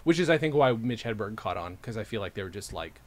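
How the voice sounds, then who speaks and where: A man's voice: on the low side, fast. A man from upstate New York hosting a podcast, chatting casually, laughing often and poking fun at himself. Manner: animated, laughs often, self-deprecating. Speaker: podcast host.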